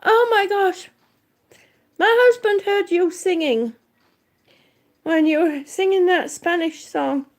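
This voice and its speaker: A woman's voice: very high-pitched, takes it slowly, pauses often. A woman who is out of breath, chatting casually on a livestream, greeting viewers and reading their comments, often trailing off and restarting. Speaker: livestream vlogger.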